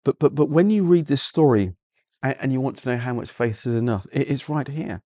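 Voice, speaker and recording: A man's voice: medium pitch, brisk, a little mellow, no echo, studio quality. A man preaching a sermon in an earnest way, often repeating words and restarting his sentences. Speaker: pastor.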